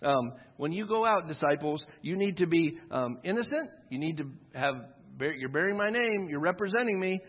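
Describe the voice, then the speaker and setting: Husky-voiced man preaching in a reverberant hall. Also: a little high, animated. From United States. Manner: earnest, conversational preaching with quick asides. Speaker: pastor. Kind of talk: sermon. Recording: dull sound with long hall reverb.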